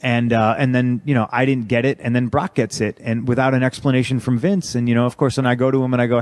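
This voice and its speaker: An American pro wrestler in his thirties, a guest on an interview, tells his story in blunt, profane, griping casual talk. His mid-range voice is a little mellow, with flat delivery, a quick pace and few pauses.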